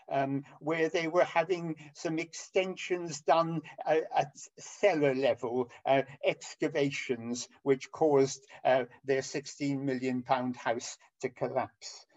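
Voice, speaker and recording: Older male preacher, slow and halting, muffled lo-fi audio. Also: on the high side, darkish tone. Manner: halting, with many ums and restarts. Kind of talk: sermon over an online call. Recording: dull lo-fi audio.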